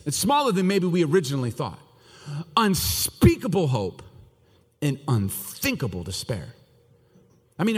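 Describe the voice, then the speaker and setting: A man preaching a sermon to his church, joking one moment and hushed the next. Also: fairly high pitch, breathy edge. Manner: animated, joking, swings between loud and hushed. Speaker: pastor. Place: church hall. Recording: long reverb of a large church hall.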